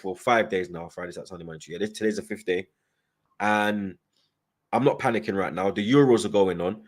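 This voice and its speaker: A young man hosts a fan channel, chatting casually and reading viewer comments, with constant slang and "you get me" tags. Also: lowish voice. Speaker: football fan channel host.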